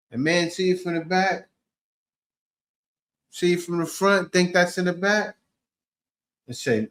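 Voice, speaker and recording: A man's voice: high-pitched, unhurried, long pauses, a bit bright, echoey room, low-quality recording. A man giving blunt, mocking commentary on clips as a reaction host. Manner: mocking, scornful.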